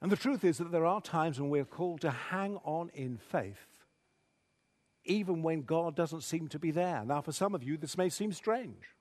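A man's voice: a little high, animated, moderate pace, darkish tone. A man preaching a sermon, reading scripture aloud with dramatic intensity.

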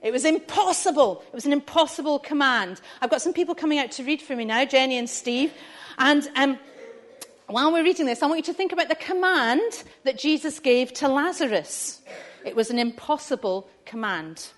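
A woman's voice: sits high, lively intonation, moderate pace. A woman leading a family church talk, chatty and asking the listeners questions. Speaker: preacher.

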